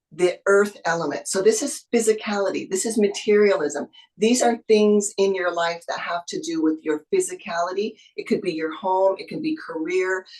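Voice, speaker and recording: A woman's voice: mid-range voice, darkish tone, poor audio. A woman tarot reader giving an intuitive reading over a video call, soothing and encouraging, with spiritual phrasing.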